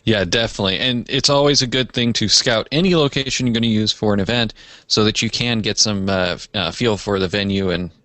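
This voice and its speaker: A man's voice: lowish voice, brisk, a bit bright, no room sound. Easygoing man co-hosting a podcast. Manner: agreeable, easygoing, with fillers. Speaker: podcast co-host. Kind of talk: casual podcast chat.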